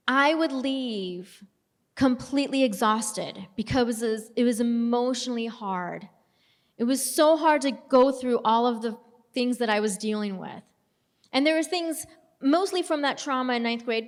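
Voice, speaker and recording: A young adult woman giving an earnest personal faith testimony in a conversational storytelling manner. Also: fairly high pitch. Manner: earnest, conversational, reenacts dialogue. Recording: long hall reverb.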